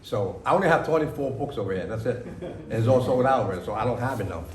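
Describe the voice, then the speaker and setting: A man's voice: medium pitch, animated, a little hiss or hum. Rambling man in his sixties, echoey room. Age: 60s. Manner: rambling, halting, with many fillers and broken grammar. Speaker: author at a book reading. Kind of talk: casual spoken memories to an audience. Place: library reading room.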